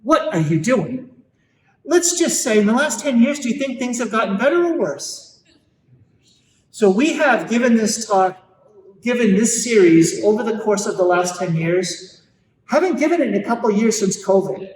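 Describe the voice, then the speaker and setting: A man with a fairly high voice gives an earnest live talk to a room of parents, leaning hard on his key points and drawing them out slowly. He sounds a little distant from the mic, and his voice rings in a big echoey hall with a faint murmur of room noise underneath. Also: lively intonation, darkish tone. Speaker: Catholic speaker on parenting.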